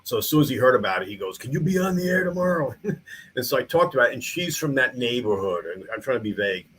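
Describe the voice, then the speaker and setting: A man's voice: mid-range voice, expressive, quick pace, a bit bright, slight background noise, poor audio. A middle-aged man from New York, a museum founder and small-town mayor, chatting in a podcast interview with many restarts. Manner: rambling, frequent restarts and fillers.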